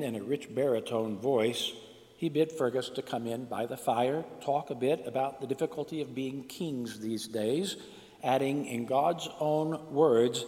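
A man tells a folk tale with expressive swells and dramatic pauses, his voice at a middling pitch. A long hall reverb hangs behind every line. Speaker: storyteller.

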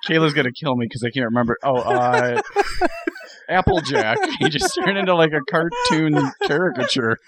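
A man's voice: fairly high pitch, wildly swooping pitch, normal speed, a bit bright. A man co-hosting a podcast, chatting casually and rambling with fillers. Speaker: podcast co-host. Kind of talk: casual chat.

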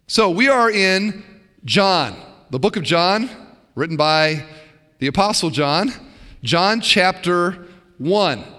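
A man preaching a sermon as pastor, talking casually with fillers and rising to excited bursts. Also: sits high, long reverb tail. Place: church sanctuary.

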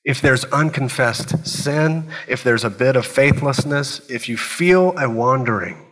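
A pastor delivers a sermon in church, his mid-range voice bright and forceful as he drives home points with short, repeated phrases. He keeps a measured pace, and a long reverb trails his words through the sanctuary.

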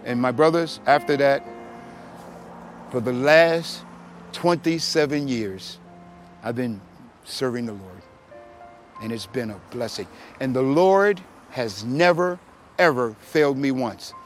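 A middle-aged man giving a personal testimony in church, telling his story in an animated way and acting out the voices with big swings in pitch and loudness. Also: takes it slowly, long pauses, soft background music. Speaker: testimony speaker.

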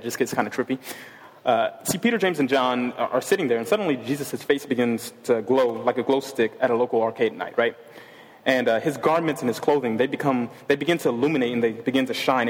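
Man preaching in a big reverberant hall. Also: mid-range voice. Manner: casual, conversational preaching with jokes and asides. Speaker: pastor. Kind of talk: sermon. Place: church sanctuary with a stage. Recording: long reverb of a large church hall.

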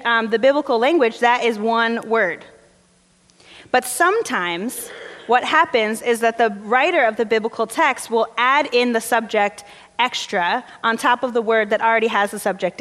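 A woman pastor delivers a sermon in a loose, conversational storytelling manner. Her voice sits a little high for a woman. The sound rings with long reverb from the church sanctuary around her. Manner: conversational storytelling, relaxed fillers.

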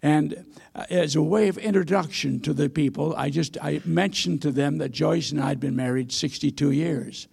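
Gravelly-voiced older man preaching. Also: a little high, moderate pace, a little mellow. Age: 80s. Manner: folksy, self-deprecating storytelling with hesitations. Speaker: missionary preacher. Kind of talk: sermon with humorous stories. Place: church sanctuary.

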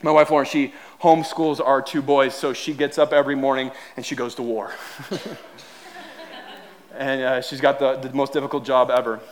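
A man in his thirties preaching a sermon as a pastor, telling a family story with lively acted-out dialogue and frequent restarts. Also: medium pitch, normal speed.

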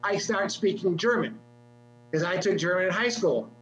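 High-voiced man in an echoey room. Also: normal speed, a crowd in the background. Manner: rambling storyteller with frequent restarts. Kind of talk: casual comedic chat. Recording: echoey room with faint hum.

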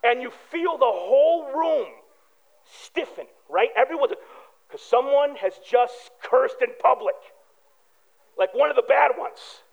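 A gravelly, very high male voice with lively intonation moves at a slow pace, and the audio sounds dull. The speaker is a pastor whose conversational sermon weaves in everyday stories and casual asides to the people listening.

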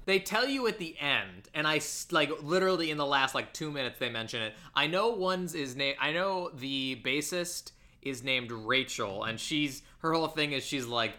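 A woman's voice: sits low, lively intonation, normal speed, hardly any pauses, bright, forceful tone. A young woman co-hosting a podcast, chatting casually about a movie, with frequent restarts. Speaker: podcast co-host. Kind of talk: casual chat recapping a movie.

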